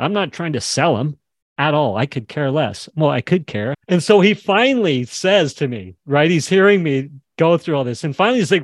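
A man's voice: on the high side, expressive, a little fast, dry recording, clean studio sound. A man hosting and coaching an online class, talking in an impassioned way and acting out the dialogue from his stories. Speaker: podcast host and coach. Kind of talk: animated teaching session on a video call.

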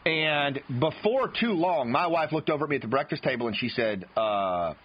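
A man's voice: on the high side, expressive, brisk, breathy edge, dull audio. A middle-aged man hosting a podcast, telling a candid, profane story in a casual, conversational way and talking straight to his listeners. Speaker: podcast host.

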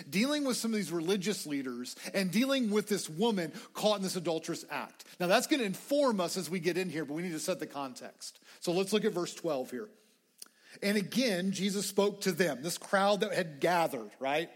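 A young man preaching a conversational, excitable sermon to students, often restarting his phrases. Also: high-pitched, brisk. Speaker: campus minister. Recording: hall reverb.

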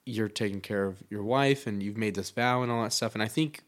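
A man's voice: on the low side, brisk, a bit bright. A man talking candidly in a casual podcast chat, swearing freely and filling his talk with likes and you-knows.

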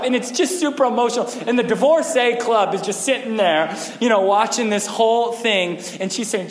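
A man preaching a sermon, telling a story with lively animation and acting out the scenes. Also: high-pitched, moderate pace, in a large hall. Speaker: pastor.

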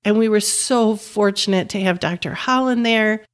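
A woman's voice: medium pitch, normal speed. A woman in her fifties, a caregiving mother telling her story as an interview guest, earnest and emphatic, repeating words for stress. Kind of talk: personal storytelling in conversation.

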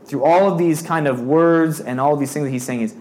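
Youth-pastor type man, a bit higher pitched, reads scripture then talks it through plainly over a faint room hum. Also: brisk, a little mellow. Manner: reads scripture then explains it in a loose, conversational way. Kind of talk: casual Bible teaching.

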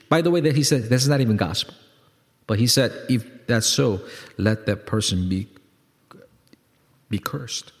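A male pastor preaching a sermon, emphatic and repetitive, swinging from loud peaks to quiet lows and calling on the congregation to respond. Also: measured pace, pauses often. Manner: repeats words for emphasis, asks congregation to respond. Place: church sanctuary. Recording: long hall reverb.

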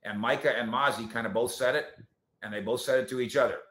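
Animated man riffing on football, roomy. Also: fast talker. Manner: animated, sarcastic, swings from loud to low asides. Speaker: sports show host. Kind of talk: casual commentary reading viewer comments. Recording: roomy echo.

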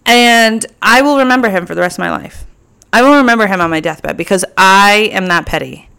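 A woman's voice: medium pitch, fairly quick, creaky, sharp tone, smooth. A young woman hosting her own podcast, chatting casually and playfully petty, with lots of filler words. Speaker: podcast host. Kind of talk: casual solo podcast chat.

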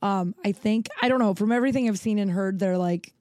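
A woman's voice: mid-range voice, a little fast, darkish tone, dry recording. A woman in her thirties hosting a podcast alone, rambling casually with lots of fillers and restarts, tired and yawning. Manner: rambling, filler-heavy, self-interrupting. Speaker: podcast host. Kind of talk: casual solo chat. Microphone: home recording setup.

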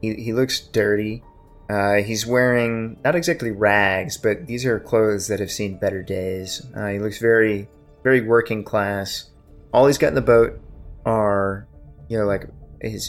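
A man narrating as game master of a tabletop game, describing scenes in a measured way. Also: lowish voice, steady tone, faint music behind.

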